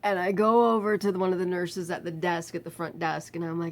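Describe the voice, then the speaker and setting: A woman vlogger telling a personal story to camera, animatedly acting out the people in it and dropping to a weary, quiet tone when describing her pain. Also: lowish voice, level tone, a little fast, hardly any pauses.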